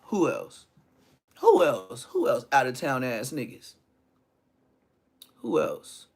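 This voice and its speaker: A man telling a story in an animated way, full of profane street slang. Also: mid-range voice, slow. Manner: profane slang, acts out others' lines.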